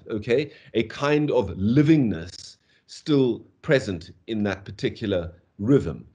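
A man with a South African accent giving an online university lecture on poetry, digressive and peppered with "okay?", reading verse slowly with stressed beats. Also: lowish voice, animated, mellow, slightly rough. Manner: digressive, fond of "okay?" and "or whatever". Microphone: video call.

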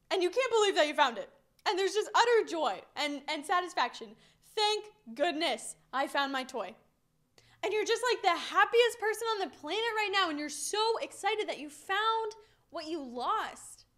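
A young woman giving a children's message, telling stories to kids in an animated, playful way. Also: very high voice, normal speed. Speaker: children's minister.

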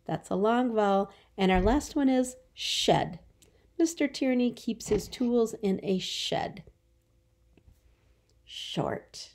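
This is a woman teacher leading a phonics lesson for small children. She speaks slowly in a mellow voice with a gravelly edge, drawing out each word patiently and encouragingly. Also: fairly high pitch, a little hiss or hum. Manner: slow, drawn-out words, encouraging and patient.

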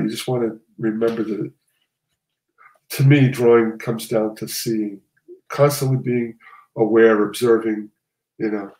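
A comic artist appears as a guest in a casual conversation, rambling and frequently restarting and correcting himself. He has a lowish voice with a darkish tone. The low-quality recording has an echoey room sound.

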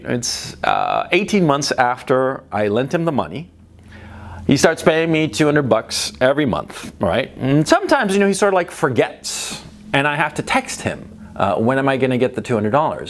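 A man's voice: mid-range voice, slight background noise. A middle-aged man telling a personal story in a casual monologue, exasperated and profane, with frequent restarts and "right?" tags.

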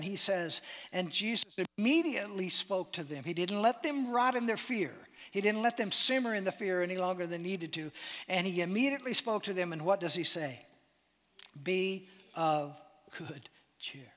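A man preaching a sermon as pastor, animated and dramatic, dropping to a near-whisper for emphasis. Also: sits high. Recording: long hall reverb.

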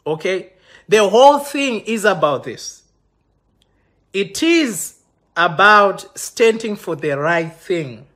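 High-pitched man ranting accusingly on a livestream. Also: expressive, slow, bright, forceful tone. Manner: impassioned and accusatory, with many restarts. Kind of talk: live-streamed rant to viewers. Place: London.

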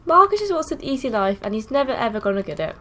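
A woman's voice: fairly high pitch, sing-song, quick pace, a bit bright, slight background noise. A woman giving casual, sarcastic gameplay commentary as she plays, swearing freely. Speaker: gaming video host.

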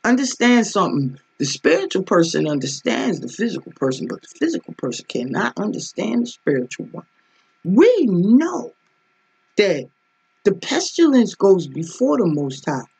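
A woman's voice: medium pitch, very animated, moderate pace, gravelly, a little mellow, husky. A woman giving a spiritual teaching sermon as a preacher, emphatic and full of rhetorical questions, often checking in with "okay?".

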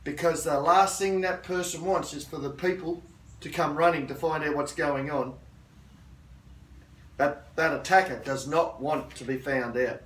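Middle-aged male karate instructor, assertive teaching delivery, slightly high voice, distant roomy recording. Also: fairly even intonation, a little slow, fairly bright tone. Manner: firm, assertive, checks in with "okay?". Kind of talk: self-defence lesson. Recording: roomy sound from a distant mic.

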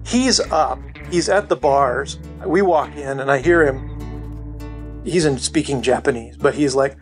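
A man's voice: medium pitch, takes it slowly, soft background music. A middle-aged man casually telling stories as a podcast guest, talking in a chatty way and often saying "you know". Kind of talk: casual storytelling.

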